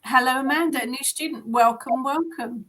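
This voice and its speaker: A chatty woman, her voice sitting a little high. She greets people one after another in a bubbly, easygoing way, heard through a video-call mic. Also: moderate pace, fairly bright tone. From England. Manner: chatty and bubbly, laughs often. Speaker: coven leader hosting an online ritual. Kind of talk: casual chat greeting participants.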